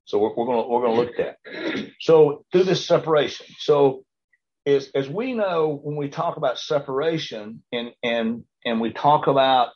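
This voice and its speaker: A man's voice: medium pitch, normal speed, breathy edge. A man teaching an informal Bible class, rambling with frequent stammered restarts and checking in with his listeners. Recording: dull lo-fi recording.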